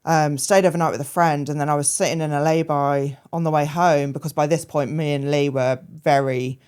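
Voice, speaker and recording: A woman's voice: sits low, steady tone, brisk, darkish tone, clean tone. Hesitant Englishwoman telling her story. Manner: hesitant, full of fillers, darkly humorous. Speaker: guest. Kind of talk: candid personal storytelling.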